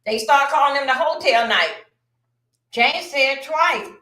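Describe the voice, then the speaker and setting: Woman livestream host, high voice, slow drawn-out delivery, echoey room. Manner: animated, slow and drawn out, with exclamations and sighs. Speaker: livestream host recapping court testimony. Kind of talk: casual livestream commentary, reading aloud.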